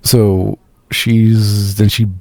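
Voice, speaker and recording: Low, dark-voiced man ranting casually. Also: level tone, gravelly, dry recording. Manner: profane, sarcastic, mimics characters in quick asides. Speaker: podcast host reviewing a film. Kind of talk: casual solo review.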